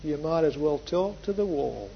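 A man preaching a sermon, moving from soft reflective passages to loud, emphatic repeated phrases. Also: fairly high pitch, animated, moderate pace, vocal fry, slight background noise. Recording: dull lo-fi sound.

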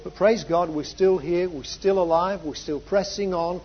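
A man preaching a sermon, moving from soft reflective passages to loud, emphatic repeated phrases. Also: high voice, moderate pace, husky. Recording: dull lo-fi sound.

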